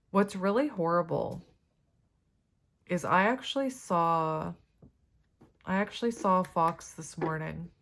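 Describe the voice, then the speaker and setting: A woman giving a tarot reading to camera, chatty and rambling, with many fillers and side stories. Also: lowish voice. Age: adult parent. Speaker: tarot reader.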